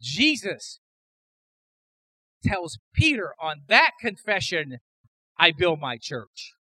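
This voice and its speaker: Man, pastor, sermon, emphatic, high pitch, dry close sound. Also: very animated, slow, no room sound, poor audio. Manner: emphatic, rising to loud repeated declarations.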